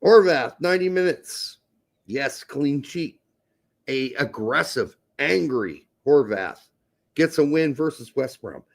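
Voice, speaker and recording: A man co-hosting a casual soccer podcast, animated, jokey and swearing freely. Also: mid-range voice, takes it slowly, creaky. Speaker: podcast co-host. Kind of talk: casual sports chat.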